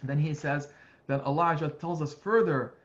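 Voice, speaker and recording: A man, an imam, giving a Sunday lecture on scripture in an earnest, animated way, often restarting his phrases. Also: fairly high pitch, moderate pace, lo-fi sound. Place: mosque community hall.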